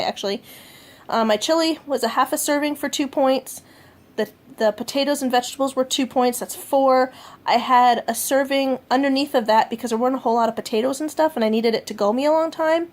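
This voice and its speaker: A woman rambling casually through a home food diary vlog, often pausing with fillers and correcting herself. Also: a little high. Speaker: vlogger.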